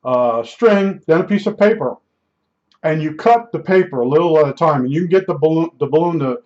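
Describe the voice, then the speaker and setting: Rambling man telling a story, slightly high voice. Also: lively intonation, brisk, a little mellow. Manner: rambling, with many restarts and asides. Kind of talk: casual personal storytelling. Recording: dull lo-fi recording.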